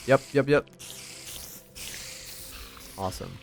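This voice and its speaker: A young man with a fairly low voice rambles through casual gameplay commentary. He swears freely and pokes fun at himself as he goes. Faint game music plays underneath. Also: measured pace, pauses often. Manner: rambling, self-deprecating, swears often. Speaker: gaming vlogger.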